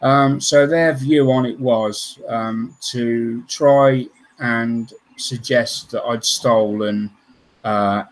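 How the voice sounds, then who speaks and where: A man's voice: medium pitch, fairly even intonation, very slow, low-quality recording. A man hosting a modelling livestream, telling stories from his past in a rambling, hesitant way full of ums and restarts. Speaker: scale modelling channel host. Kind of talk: casual livestream storytelling.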